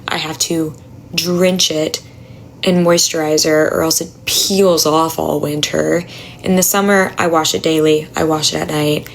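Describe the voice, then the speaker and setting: A young woman chatting on a phone livestream at home, talking quietly with a raspy, gravelly voice, blunt and chatty. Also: low voice, slight background noise, poor audio. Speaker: livestreamer answering chat. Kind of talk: casual live stream chat. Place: home apartment at night.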